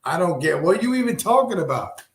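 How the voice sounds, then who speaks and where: A high, whiny young female recruit, confused and frustrated , as a man puts her on. The falsetto sits well above his normal range. The voice echoes around a roomy space. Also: sing-song, quick pace, far from the mic. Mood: exasperated. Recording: roomy echo.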